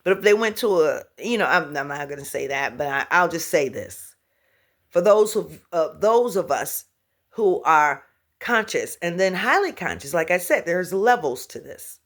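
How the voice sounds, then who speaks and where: A middle-aged woman and spiritual speaker giving a motivational vlog talk, animated, laughing often and dropping into whispers. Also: lowish voice, normal speed.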